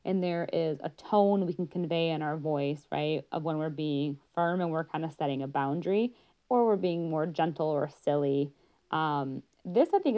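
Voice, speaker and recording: A woman's voice: low voice, muffled recording. A woman working as a pediatric therapist gives a conversational educational talk, showing her points by acting out tones of voice.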